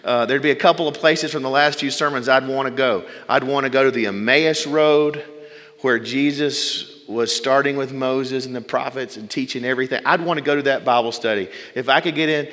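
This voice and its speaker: A male preacher delivering a sermon with folksy humorous asides, swinging between loud bursts and hushed, drawn-out phrases. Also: medium pitch. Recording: long reverb from a large hall.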